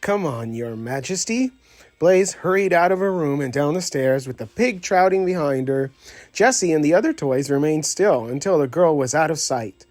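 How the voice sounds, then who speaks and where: A man's voice: a little high, moderate pace, dry recording, faint music behind. A man reading a children's story aloud as narrator, telling it expressively. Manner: expressive storyteller voicing every character. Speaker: audiobook narrator. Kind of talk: scripted read-aloud narration.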